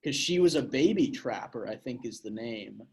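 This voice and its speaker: A man's voice: mid-range voice, expressive, moderate pace, a little mellow, husky. A young man from Portland, Oregon, telling a story on a chatty podcast. His voice sits in the middle register, and he talks in a loose, crude, rambling way, full of filler words. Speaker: podcast co-host. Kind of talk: casual storytelling chat.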